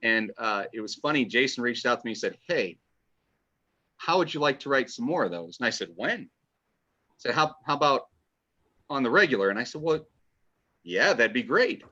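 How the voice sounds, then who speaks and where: Very animated and pushed-bright, a mid-range male voice moves at normal speed with long pauses. He's a fan writer on a casual podcast, enthusiastically rambling and restarting, and the lo-fi audio is dull.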